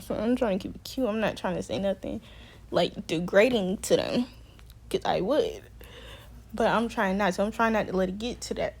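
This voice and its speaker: A young woman tells her own story to the camera in a fired-up, cursing style. Her voice sits a little high for a woman. She has the loose pacing of casual storytime talk. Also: darkish tone. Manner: heated, profane storytelling. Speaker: vlogger. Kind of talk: storytime vlog.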